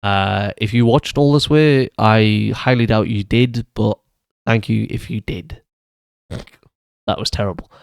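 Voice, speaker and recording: Man, film reviewer, casual commentary, lowish voice, dry close sound, stop-start delivery. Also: unhurried, creaky, clean tone, no room sound. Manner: hesitant, many restarts and fillers. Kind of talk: casual solo video commentary.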